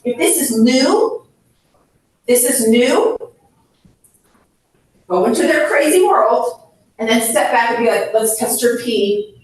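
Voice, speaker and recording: A woman's voice: a little high, recorded from a distance. Frank woman teaching, echoey room. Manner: lively, frank, laughs often and acts out scenes. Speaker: hospice educator. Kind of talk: seminar talk. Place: seminar room.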